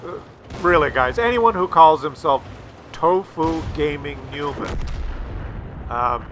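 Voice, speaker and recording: A man commentating a game replay with heavy sarcasm and casual swearing. His voice sits a little high and swings widely in pitch, with a bright, forceful edge. Faint game sounds hum underneath. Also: lively intonation, takes it slowly, pauses often. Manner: sarcastic, mocking, swears freely. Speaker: gameplay commentator.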